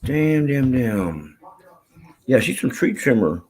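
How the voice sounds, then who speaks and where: Husky man, casual live stream host, rambling, swears a lot, mid-pitched voice. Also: big pitch swings, slow pace, a little mellow. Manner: rambling, profane, reads chat aloud.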